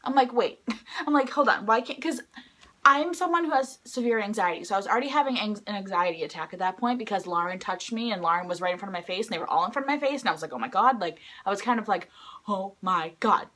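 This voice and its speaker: A young woman vlogger telling an excited, rambling story to the camera, filling it with "like" and acting out quotes. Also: fast. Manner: excited, rambling, heavy use of "like"; acts out quoted lines in a higher voice. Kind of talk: casual storytelling vlog.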